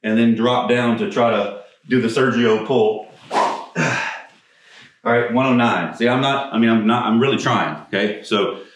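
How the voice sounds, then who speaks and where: A man's voice: mid-range voice, unhurried, slight background noise. Man, golf instructor, blunt casual talk, short of breath, very echoey, mic far away. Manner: casual, blunt, swears, demonstrating while talking. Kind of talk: on-camera swing demonstration. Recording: echoey, from a distance.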